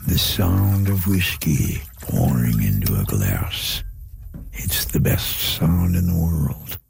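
A gritty, growly Mother Nature, voiced by a man in a podcast drama, angry, worn out and fond of her whiskey. The voice sits very low, with heavy fry, and drawls slowly while swinging widely in pitch. A faint hiss sits under it. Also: sing-song, a little mellow, heavily acted. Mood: gravelly toasting. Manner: slow, drawling, half-whispered toasts.

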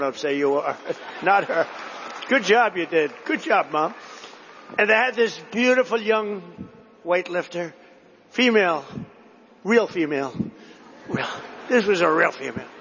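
A man's voice: sits high, gravelly, a bit bright, breathy edge, in a large hall, muffled recording. Rambling man giving a rally speech. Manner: rambling, digressive, repetitive storytelling to a crowd. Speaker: political speaker at a rally.

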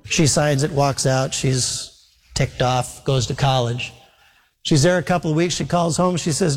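A man's voice: mid-range voice, fairly even intonation, a little slow. A man preaching a sermon in an earnest, exhorting way. He tells stories and acts out the dialogue in them. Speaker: pastor. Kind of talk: sermon with storytelling. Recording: long reverb of a large hall.

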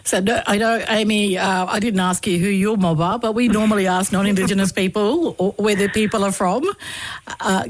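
Host: woman, relaxed interviewer on community radio, dry close mic, mid pitch. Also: moderate pace, dry recording. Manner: friendly, probing questions.

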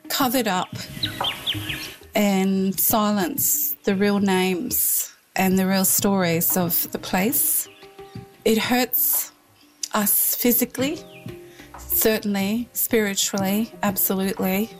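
A woman from Western New South Wales, speaking earnestly and deliberately as an interviewee. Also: mid-range voice, rough recording. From Western New South Wales, Australia.

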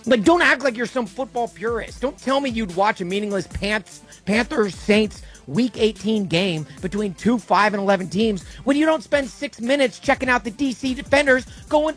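A man's voice: very high-pitched, a bit bright. A man co-hosting a podcast, delivering a mock-outraged, sarcastic rant with silly quoted voices. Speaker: podcast co-host. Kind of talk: comedic rant segment.

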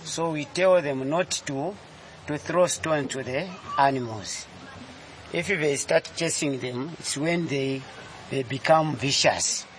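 A man explaining something slowly and haltingly, outdoors. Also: fairly high pitch, a little hiss or hum, rough recording.

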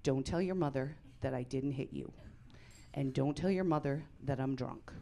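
A woman voicing her gruff, drunk father in a low, conspiratorial mutter. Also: normal speed, mellow. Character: gruff drunk father, middle-aged man.

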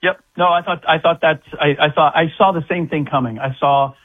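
A man's voice: a little high, fairly even intonation, brisk. A man, a guest sports analyst, chatting casually about basketball with many restarts and fillers. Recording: tinny phone line.

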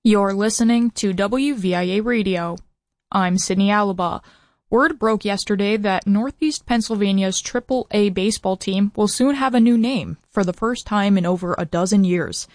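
A woman's voice: medium pitch, moderate pace, darkish tone, no echo, studio quality. Woman announcing on local radio.

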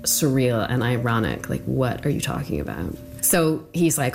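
A woman's voice: a bass voice, big pitch swings, normal speed, creaky, darkish tone, slight background noise. A woman recounting her experience in a chatty interview, full of "like" fillers. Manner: chatty, filler-heavy with frequent "like". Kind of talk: casual recounting.

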